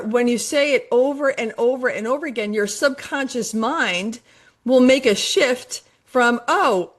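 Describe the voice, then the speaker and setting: A middle-aged woman, a life coach guest on a podcast interview, talking earnestly and repeating her points for emphasis. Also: fairly high pitch. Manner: earnest, repetitive, emphatic about affirmations.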